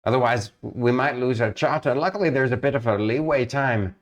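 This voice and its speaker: A man's voice: mid-range voice, fairly quick, voice pushed up, natural voice. A man voicing a worried, long-winded male guild master who stammers as he frets.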